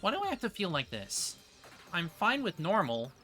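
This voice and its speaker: A streamer reading aloud as an anxious child afraid of making its mother cry, in a plain, even delivery. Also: medium pitch, moderate pace, faint music behind, pitched above the performer's own voice.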